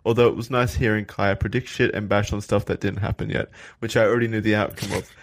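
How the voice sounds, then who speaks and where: A man with a somewhat low voice reads listener messages aloud on a podcast in a laid-back way. The sound is close and dry. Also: fairly even intonation, quick pace, no echo. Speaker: podcast co-host.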